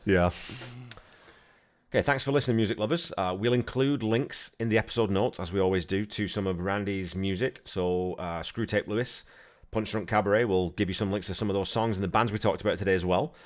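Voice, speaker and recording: A man with a fairly low voice hosts a music podcast. He speaks in a relaxed, conversational way and grows lively when he retells a story. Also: brisk. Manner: chatty, animated when retelling anecdotes. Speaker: podcast host. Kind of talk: casual podcast chat and outro.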